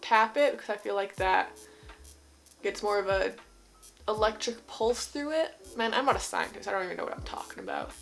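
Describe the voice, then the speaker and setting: A woman's voice: medium pitch, big pitch swings, moderate pace, creaky, faint music behind. A young woman from Utah with a slight Utah accent, chatting through an at-home skincare routine in a bubbly, rambling way. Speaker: beauty vlogger. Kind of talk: casual skincare tutorial. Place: home, indoors.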